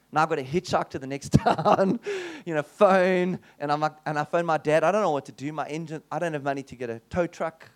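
A South African man preaching, telling a personal testimony as a story with lively swings in his voice and frequent restarts and asides. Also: on the high side.

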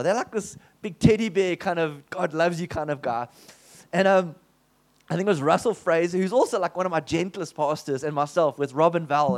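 Man, pastor, sermon story, high voice, animated. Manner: animated, acts out the dialogue.

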